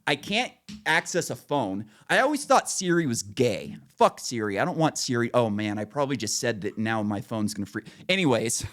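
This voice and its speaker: Profane, animated man telling a story. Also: moderate pace. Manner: acts out quoted voices, pitching up. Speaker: podcast co-host. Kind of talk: casual podcast chat.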